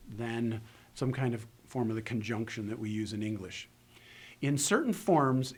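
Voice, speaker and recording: Methodical male Hebrew lecturer. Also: medium pitch. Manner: methodical, slows down to pronounce Hebrew words. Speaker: Hebrew instructor. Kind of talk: recorded lecture.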